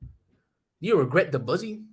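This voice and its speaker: A young man streaming casually, talking fast in heavy slang while answering chat questions. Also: fairly high pitch, animated, a little mellow.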